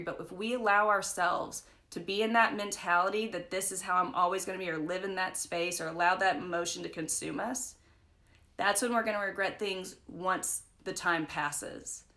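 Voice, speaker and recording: A woman's voice: on the low side, bright, forceful tone. Chatty young woman leading a Bible study. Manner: chatty storytelling with frequent "like" and "right?". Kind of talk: casual livestream Bible study talk. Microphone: phone or webcam for a live stream.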